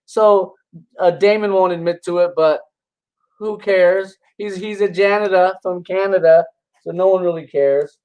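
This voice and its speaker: A man's voice: sits high, fairly even intonation, measured pace, clear, resonant tone, dull audio. A man delivers a casual reaction commentary, combative and dismissive. He rambles and restarts his sentences, with scoffing laughs slipping in between his points. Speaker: religious commentator reacting to videos.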